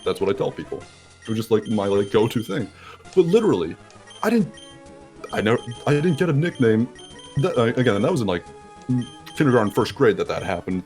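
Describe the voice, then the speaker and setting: A man's voice: fairly low pitch, big pitch swings, a little fast, long pauses, darkish tone, faint music behind. A young man chatting casually on a voice call, rambling with many fillers and acting out quotes. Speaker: let's play host. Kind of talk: casual chat over a voice call.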